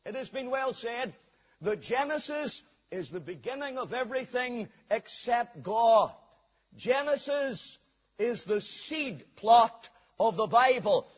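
This man's voice is extremely high-pitched and animated, slow, with a breathy edge. He's preaching a sermon, first reading scripture aloud and then telling a story, in a dull recording from a hall with long reverb.

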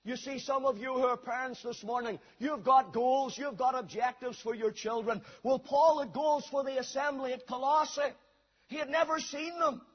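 A man preaching a sermon with emphatic delivery, rising to shouts and dropping to quiet asides. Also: very high-pitched, fairly even intonation, normal speed, slightly rough. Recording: dull lo-fi sermon recording.

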